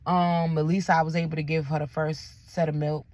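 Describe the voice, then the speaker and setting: A woman's voice: low-pitched, level tone, normal speed, darkish tone, no room sound. A young woman tells a personal story, emphatic and blunt. The recording is dry and close. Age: young adult. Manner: candid, emphatic, slangy with faith phrases.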